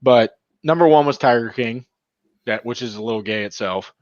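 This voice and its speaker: A man's voice: medium pitch, moderate pace, darkish tone, no room sound, muffled recording. A man hosting a casual live chat show, chatty and given to laughing, busy with his screen as he talks. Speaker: podcast host.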